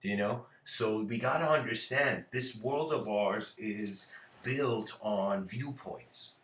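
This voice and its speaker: A man's voice: on the low side, slow pace, fairly bright tone, recorded from a distance. Guy rambling through a spiritual talk, laughs a lot, echoey room. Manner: rambling, laughs often, many fillers. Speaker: speaker. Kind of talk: informal spiritual lecture. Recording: roomy echo.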